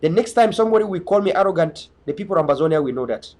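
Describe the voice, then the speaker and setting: A young man from Bui in Cameroon's North West, an activist and online media host, speaks rapid-fire in a slightly high voice with lively intonation over background noise. His political monologue is fervent and emphatic, with repeated restarts.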